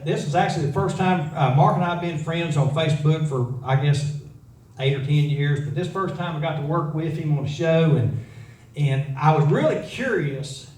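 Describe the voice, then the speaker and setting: An older man with a fairly high voice tells folksy stories to a room full of people. He sounds distant from the mic, in an echoey hall with faint background noise. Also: a little mellow. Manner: folksy, homespun storytelling. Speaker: guest entertainer. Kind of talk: folksy stage talk to a live audience. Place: large room with an audience. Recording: echoey room, voice heard from afar.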